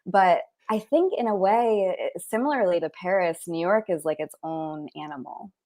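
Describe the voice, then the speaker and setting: A woman from Rhode Island co-hosting a casual live chat, relaxed and quick to laugh. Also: on the low side. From Rhode Island, United States. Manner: relaxed, laughs often, many fillers. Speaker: co-host.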